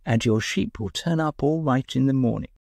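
A man voicing a peevish, coddled, plump young man who talks in a shrill, fussy way. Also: moderate pace, gravelly, a little mellow, breathy edge, no echo, studio quality. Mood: pleading.

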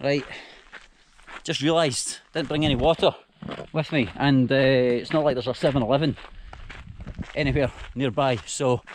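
A man's voice: mid-range voice, steady tone, moderate pace, pauses often. Young Scottish man, self-mocking travel vlogger, chatty to a handheld camera outdoors, light noise. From Scotland. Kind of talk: casual vlog to camera. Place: outdoors, countryside by rail tracks. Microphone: handheld action camera.

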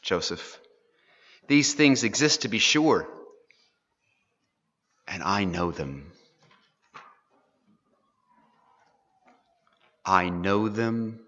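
Guy doing an old patriarch dad, gentle and resigned, talks real slow and quiet, muffled echoey room sound. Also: lowish voice, lively intonation, pitched below the performer's own voice, heavily acted. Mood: tender. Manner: soft, slow, falling to a hush. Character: aged patriarch father, tender, resigned. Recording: dull, echoey hall recording.

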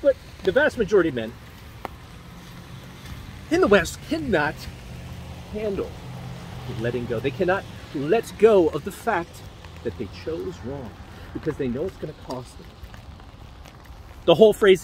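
Animated man ranting on a street. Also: high voice, measured pace, pauses often, slight background noise. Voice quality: animated, preachy, rambling, asides and laughs. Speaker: vlogger and men's dating commentator. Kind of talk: walking outdoor commentary vlog. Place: outdoors on a street in the rain.

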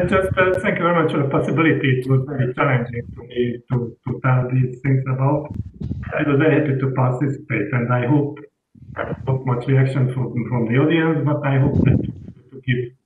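A man speaking as a panelist in an online roundtable, halting and searching for words. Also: medium pitch, background noise. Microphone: video call. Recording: tinny distant call audio in an echoey room.

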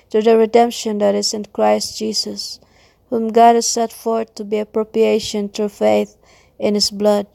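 A woman reads devotional passages in a slow, measured recitation. Her voice is mellow with a gravelly edge, and her pitch barely moves. The recording is dry and close. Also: no room sound. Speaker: devotional reader. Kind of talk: scripted devotional reading.

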